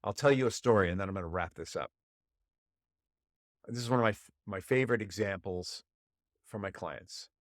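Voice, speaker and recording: A man hosting a solo podcast as a relationship coach, telling a story and jumping high in pitch to act out inner voices. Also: normal speed, long pauses, no room sound, clean studio sound.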